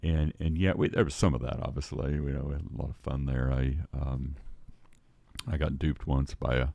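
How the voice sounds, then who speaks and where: An older man with an extremely deep voice tells a long story in casual conversation as a podcast guest. He rambles and restarts his sentences often, and the recording sounds close and dry, with no room echo. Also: steady tone, normal speed, gravelly, warm tone.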